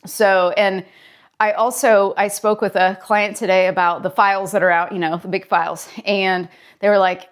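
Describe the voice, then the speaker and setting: A woman therapist talking casually to camera in a daily vlog, relaxed and chatty with filler words. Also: medium pitch, moderate pace, clear, resonant tone. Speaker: therapist and daily video creator.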